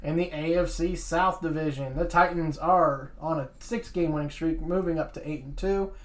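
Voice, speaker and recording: A man co-hosting a casual sports talk show, reading through league standings with quick asides. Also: on the high side. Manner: reads standings in a steady list, adds quick asides. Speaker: sports podcast co-host.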